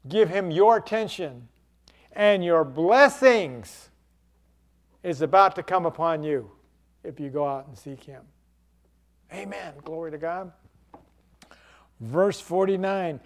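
A male preacher delivers a sermon in a high voice. He talks slowly and with drama, and he acts out the cries of the people in his story.

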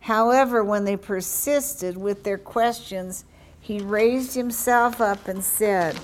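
A woman preacher delivers her sermon at an unhurried pace, with her voice in a middle register. She prays fervently and reads scripture with strong emphasis on key words. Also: medium pitch. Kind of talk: sermon with prayer and scripture reading.

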